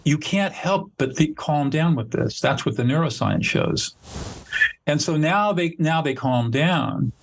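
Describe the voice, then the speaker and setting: A man's voice: on the high side, expressive, a little slow, vocal fry, slight background noise. An older man, a mediator being interviewed, explaining his method in an earnest, instructive way and sometimes acting out sample lines. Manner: earnest, instructive, acts out example dialogue. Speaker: mediator and trainer, guest. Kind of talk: conversational explanation.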